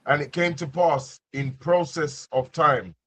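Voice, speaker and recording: A man's voice: on the high side, steady tone, measured pace, fairly bright tone. A man reading scripture aloud at a bible study, plain and careful with small stumbles. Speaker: scripture reader.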